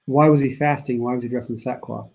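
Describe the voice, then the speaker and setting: A man's voice: medium pitch, steady tone, fast, gravelly, a little mellow. A man leading a church Bible study in a casual, musing way, reading scripture aloud with emphasis between his own remarks. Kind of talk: conversational Bible study teaching. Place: church meeting room.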